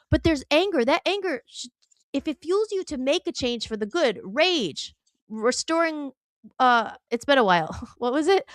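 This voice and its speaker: A woman's voice: high voice, fairly bright tone, no echo. A woman on a talk stream, ranting heatedly and firing off rhetorical questions. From United States.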